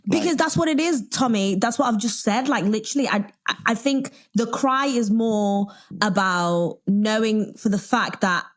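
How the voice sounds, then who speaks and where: A woman's voice: fairly high pitch, normal speed, hardly any pauses. A woman co-hosting a podcast, telling stories in a blunt, wry casual chat. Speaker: podcast co-host.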